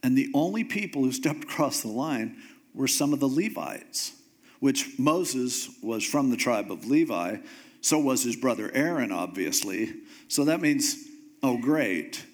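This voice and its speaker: A man's voice: medium pitch, animated, measured pace. Man preaching with casual humor. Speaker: pastor. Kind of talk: sermon.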